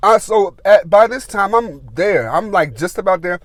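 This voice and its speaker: A man's voice: sits high, expressive, moderate pace, few pauses, no room sound, clean studio sound. A man, telling a rambling, filler-heavy story as a gardening vlogger. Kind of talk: casual storytelling.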